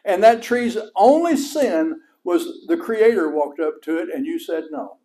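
At a measured pace, a middle-aged pastor with a West Texas drawl preaches an animated, folksy sermon, raising his voice high to drive points home.

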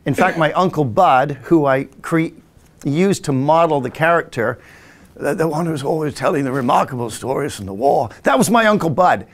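A man's voice: on the high side, animated, moderate pace. Older English-born man telling stories. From England. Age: 60s. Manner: rambling anecdotal, acts out family voices. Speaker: podcast host and hypnotist. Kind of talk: casual storytelling.

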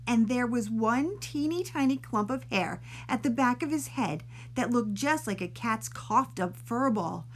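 A librarian reads a silly bedtime story aloud to children, playful and expressive, drawing out her words. Her voice is on the high side, with a measured pace and few pauses.

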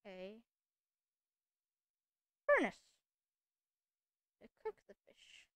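A young woman chatting to herself in excitable let's play commentary, gasping at finds and apologizing to animals. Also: medium pitch, very slow, clear, resonant tone, dry recording, studio quality. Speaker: gamer.

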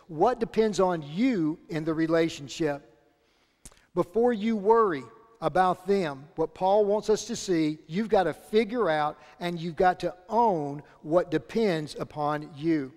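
A man's voice: high voice, measured pace, darkish tone, long reverb tail. A male pastor preaching a sermon in an earnest tone, repeating key phrases for emphasis. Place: church sanctuary.

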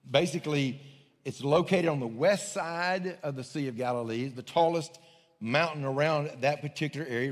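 Pastor preaching in a reverberant church. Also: male voice, on the high side. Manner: folksy, conversational preaching with restarts. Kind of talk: sermon. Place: church sanctuary.

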